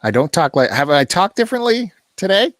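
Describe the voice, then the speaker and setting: A man's voice: sits high, a little fast, no echo, clean studio sound. A man hosting a podcast, chatting casually and teasing his co-host. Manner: teasing, animated, laughs often. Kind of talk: casual chat.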